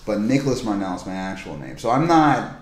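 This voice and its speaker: A man from Canada, a comedian guest on a casual comedy podcast, ranting and stammering with a dry deadpan delivery. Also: lowish voice, fast, echoey room.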